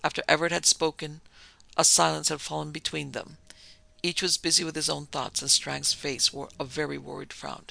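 A man narrating a story in an even reading voice. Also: a little high, moderate pace, creaky.

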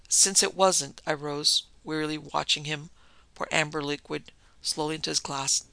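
A man narrating an audiobook in a steady, evenly paced storytelling manner. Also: a little high, normal speed, vocal fry, no echo.

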